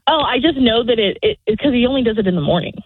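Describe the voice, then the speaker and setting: Woman caller, husky voice, dry close sound, faint music, chatty storytelling. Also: a little high, fast talker, dry recording, phone-quality sound. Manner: laughing, animated storytelling. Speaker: radio caller. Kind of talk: phone-in chat.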